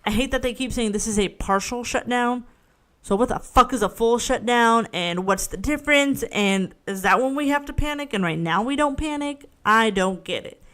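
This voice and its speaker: A woman's voice: on the high side, moderate pace, fairly bright tone. A woman hosting her own podcast in a casual solo rant, rambling, frank and swearing freely, often poking fun at herself. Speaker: podcast host.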